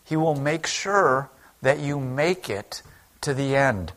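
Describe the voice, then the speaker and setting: A male pastor delivering an earnest, conversational sermon with a gravelly edge to his voice. His pitch sits in the middle of the male range. He talks to the congregation plainly, as if chatting with them. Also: a little slow, a bit bright. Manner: conversational, earnest preaching that acts out quoted speech.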